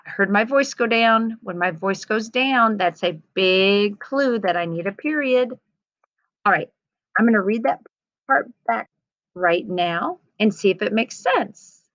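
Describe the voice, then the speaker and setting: A woman teacher gently talking young students through editing her writing, reading aloud patiently. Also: medium pitch, lively intonation, measured pace, dry recording. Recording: slightly dull lo-fi sound.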